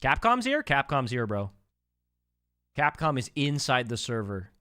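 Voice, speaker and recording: A man's voice: medium pitch, a little slow, fairly bright tone, a little hiss or hum. A young man streaming a game, casually chatting and joking with his chat as he plays.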